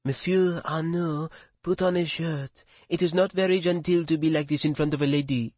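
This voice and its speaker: A woman's voice: deep voice, fairly even intonation, normal speed, darkish tone, no room sound, studio quality, pitched above the performer's own voice. A man playing a cheeky French teen girl. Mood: teasing. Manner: teasing, coquettish.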